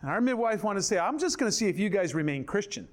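Lively older male pastor, high voice. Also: fast. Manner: animated, acts out voices in his stories, drops low for scripture. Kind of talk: sermon with storytelling.

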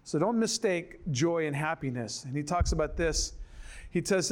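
In a storytelling sermon, an older preacher acts out others' voices with animated flair. Reading scripture, he goes quiet and deep, and he slows right down.

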